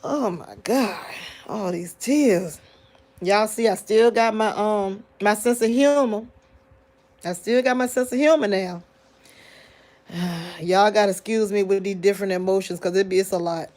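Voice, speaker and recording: A grieving woman hosting a live chat with her viewers, tearful and soft-spoken, often sighing and drawing out her exclamations. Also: mid-range voice, a little slow. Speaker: livestream host talking to viewers.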